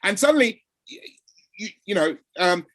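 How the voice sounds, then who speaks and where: A man's voice: sits high, normal speed, no room sound. Man explaining, dry close sound. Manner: animated, acts out quoted exchanges. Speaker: speaker on code switching. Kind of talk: conversational talk.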